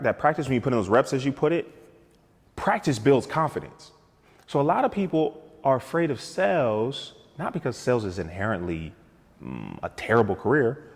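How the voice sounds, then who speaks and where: Energetic guy telling sales stories, voice swings all over, acts out both sides of the chat. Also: mid-range voice, big-room sound. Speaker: sales coach guest. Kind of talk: animated talk show conversation.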